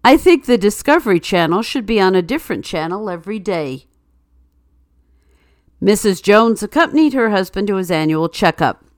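A woman's voice: mid-range voice, lively intonation, normal speed, no echo. A woman host reading news items and a string of jokes with a dry, wry delivery. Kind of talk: read-aloud segment with news, quotes and jokes.

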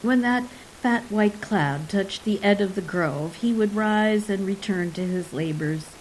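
A woman reading a fantasy story aloud in an even, measured storytelling manner. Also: mid-range voice, a little hiss or hum, poor audio. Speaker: narrator. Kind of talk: scripted audiobook narration.

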